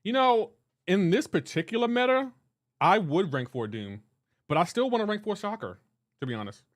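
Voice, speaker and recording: Young male gamer-streamer, slightly high voice, playful trash-talking banter. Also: sing-song, normal speed. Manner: teasing, banter-heavy, breaks into laughter. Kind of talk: casual live-stream chat, reading chat aloud.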